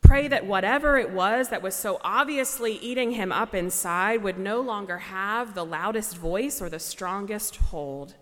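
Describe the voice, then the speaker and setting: A woman pastor delivers her sermon in a calm, reflective voice at a middle pitch. Her words carry a gentle wryness. A long church reverb follows every phrase. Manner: measured, reflective, gently wry. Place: church sanctuary.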